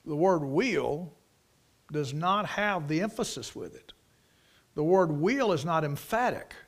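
A man's voice: a little high, expressive, measured pace. Folksy preacher man, emphatic. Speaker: preacher, Bible college teacher. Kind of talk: sermon.

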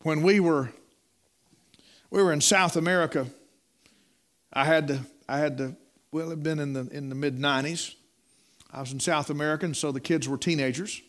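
A man's voice: on the high side, fairly even intonation, normal speed, pauses often, fairly bright tone. A middle-aged man preaching a sermon in a folksy storytelling way, repeating words and calling listeners "my friend.".

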